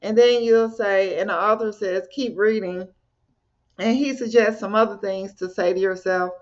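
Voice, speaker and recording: A woman's voice: fairly high pitch, unhurried. A woman host reading a self-help book aloud in an earnest way and adding chatty comments of her own. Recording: dull lo-fi recording.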